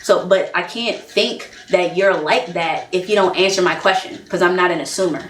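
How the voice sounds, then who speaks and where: Young woman vlogging, telling a story all animated, keeps saying you know what i mean, roomy echo. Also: lowish voice, moderate pace, background noise. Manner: animated, quotes both sides of a phone call, frequent "you know what I mean". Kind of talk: casual storytelling to camera. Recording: echoey room.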